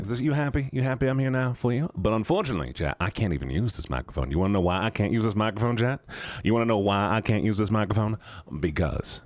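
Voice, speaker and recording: A young man with a very deep voice that swings widely in pitch, chatting playfully and rambling to his stream viewers. He holds the microphone in his hand, and the sound is close and dry. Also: dry recording. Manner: playful, rambling, teasing chat. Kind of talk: casual chat with viewers. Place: home streaming setup. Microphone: handheld studio microphone.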